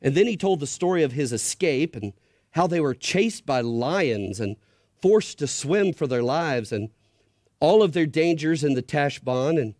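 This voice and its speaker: A man's voice: fairly high pitch, measured pace, dry recording, clean studio sound. A middle-aged man and father of grown children reading a story aloud with drama to an audience. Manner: expressive, dramatic read-aloud.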